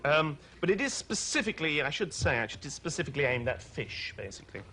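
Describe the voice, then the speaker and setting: Male talk show guest, English accent, Welsh-born, eager and giggly, very animated delivery. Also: on the high side, a little hiss or hum. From Wales. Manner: excitable, playful, quick to laugh. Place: TV studio.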